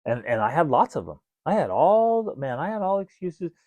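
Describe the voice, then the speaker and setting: A man's voice: a little high, big pitch swings, fairly quick, mellow, no room sound. A man hosting a podcast, talking casually and acting out his own self-talk in quoted voices. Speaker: podcast host.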